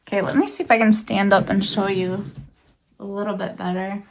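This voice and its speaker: A woman's voice: medium pitch, steady tone, normal speed, slight background noise. A woman vlogging to camera as she unboxes a handmade gift, gushing and emotional, repeating her praise over and over. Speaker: crochet vlogger. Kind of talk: unboxing vlog, casual chat to camera.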